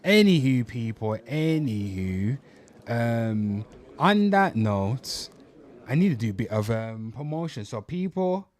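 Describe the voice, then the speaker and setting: A man's voice: medium pitch, big pitch swings, slow pace, darkish tone. A young man hosting his channel in a brash, crude, repetitive way, hyping merchandise and calling out to viewers. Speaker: host. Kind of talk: brash comedic channel talk.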